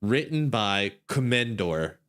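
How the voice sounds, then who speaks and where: A man's voice: fairly low pitch, very animated, slow pace, fairly bright tone. Giggly male streamer reading a game story aloud. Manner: giggly, rambling, stumbling over words.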